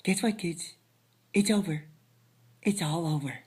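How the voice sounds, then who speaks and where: A woman's voice: fairly low pitch, measured pace, darkish tone, slight background noise. A woman giving a playful math lesson to children, dropping silly jokes as she counts. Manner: silly, joking asides.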